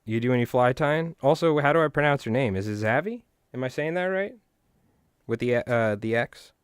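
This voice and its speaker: A man's voice: medium pitch, fairly quick, clear, resonant tone, no echo, clean studio sound. A man with a New York accent who hosts a fly tying stream, chatting and joking with viewers in a rambling way. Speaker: fly tying channel host. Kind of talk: casual livestream chat while tying flies.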